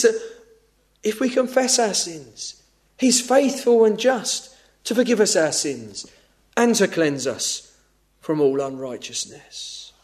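A man preaching an evening sermon, earnest and measured, often falling to a hushed, pleading tone. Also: sits high, animated.

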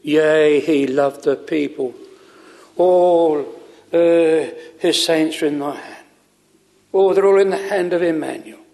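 A man preaching a sermon from the pulpit, slow and earnest, stretching out words for emphasis. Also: a little high, gravelly, a little mellow, in a large hall. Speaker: pastor. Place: chapel.

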